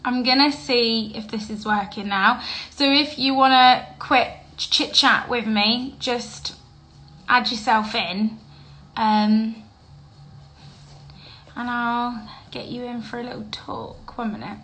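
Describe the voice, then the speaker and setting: A woman's voice: fairly high pitch, steady tone, slow, sharp tone. A woman in her twenties hosting a casual live-stream chat on her phone, chatty and enthusiastic. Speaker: host of an Instagram Live chat. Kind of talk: casual video-call chat.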